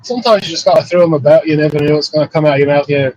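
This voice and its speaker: A man's voice: fairly high pitch, very fast, darkish tone, no echo, dull audio. A laid-back man chatting casually as a guest on a livestream. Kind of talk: casual chat.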